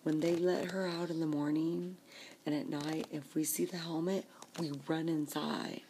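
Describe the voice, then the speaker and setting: A woman's voice: deep voice, flat delivery, normal speed, dark tone, slight background noise. A woman ranting in a casual vlog, exasperated and complaining, often dropping to a whisper. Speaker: vlogger.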